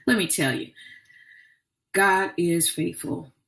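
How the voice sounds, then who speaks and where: A woman's voice: fairly low pitch, fairly even intonation, slow pace, creaky, fairly bright tone. A woman hosting a podcast, telling her own story in an earnest, faith-filled way with many restarts. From Arkansas. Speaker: podcast host. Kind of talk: personal testimony podcast. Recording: echoey room, distant mic.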